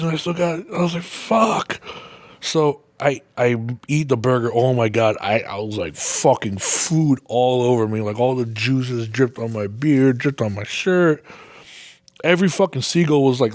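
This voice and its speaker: A man hosting a podcast, rambling through a story in a casual, heavily profane way, acting out his own reactions. His voice sits at an ordinary middle pitch, recorded close and dry with no room sound. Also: dry recording. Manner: swears constantly, lively anecdotes with exaggerated quoted reactions. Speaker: podcast host.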